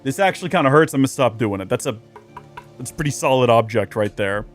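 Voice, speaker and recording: A man's voice: mid-range voice, lively intonation, quick pace. A man doing casual let's play commentary as a streamer, chatty and rambling with jokes, faint game music behind.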